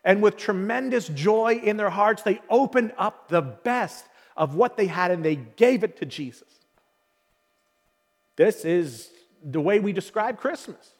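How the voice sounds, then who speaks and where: A man's voice: high voice, expressive, unhurried, in a large hall. A man preaching a sermon as pastor, earnest and growing emphatic as he presses his point. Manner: earnest, building to emphatic calls. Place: church hall.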